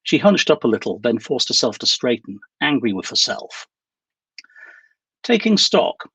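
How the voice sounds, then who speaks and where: A man, an author, reading aloud from his own novel in a steady, measured way. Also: mid-range voice, gravelly, husky, no room sound, low-quality recording.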